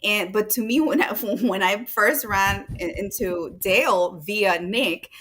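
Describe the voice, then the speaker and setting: A woman's voice: medium pitch, slow pace, fairly bright tone, breathy edge. A woman hosting a podcast interview, talking in an effusive, enthusiastic way and laughing often. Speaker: podcast host. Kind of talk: casual interview chat.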